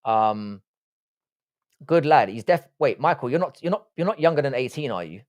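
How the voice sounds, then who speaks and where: A man with a Southwest London accent runs a casual live stream, chatting loosely with his viewers. His talk is full of teasing banter and swearing, in a mid-pitched, everyday male voice. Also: expressive, normal speed, a little mellow. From England. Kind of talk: casual live-stream chat reading comments.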